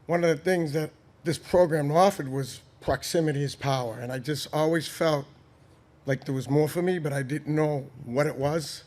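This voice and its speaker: A man's voice: fairly high pitch, normal speed, a little mellow. A man with a Boston accent, a guest on a podcast, talking earnestly and bluntly with casual swearing. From Boston, Massachusetts. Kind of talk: candid conversational interview.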